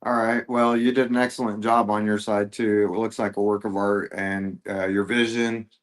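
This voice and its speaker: Low-voiced man telling a halting story. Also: level tone. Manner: halting, full of fillers and restarts. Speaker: guest, airbrush artist. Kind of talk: casual storytelling.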